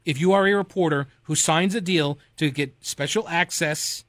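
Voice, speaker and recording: A man's voice: on the high side, normal speed, a bit bright, dry recording. A man hosting a talk radio show, rambling loosely and sarcastically with fillers and chuckles. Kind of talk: casual political talk radio with host-read ad.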